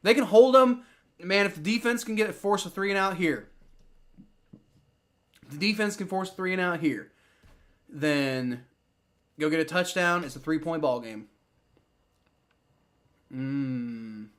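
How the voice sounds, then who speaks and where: A man giving excitable live play-by-play reactions to a football game, swearing and repeating himself often. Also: on the high side, unhurried, long pauses.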